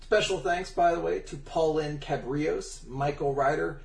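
A man's voice: on the high side, moderate pace, gravelly, roomy sound, recorded from a distance. A man co-hosting a casual podcast, crude and hyperbolic, laughing often. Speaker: podcast co-host.

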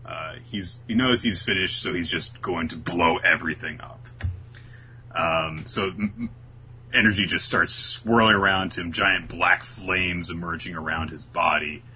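A man's voice: low-pitched, unhurried, sharp tone, slight background noise. A man co-hosting a casual talk show, recapping a comic chapter and jumping into quoted voices of its characters. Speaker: podcast co-host recapping a manga chapter.

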